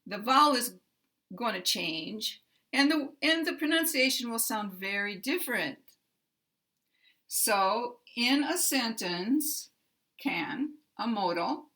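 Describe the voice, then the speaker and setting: An American woman teaching English pronunciation, slowly pronouncing and repeating single words with careful articulation. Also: on the high side, bright, forceful tone. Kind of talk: slow, deliberate pronunciation lesson.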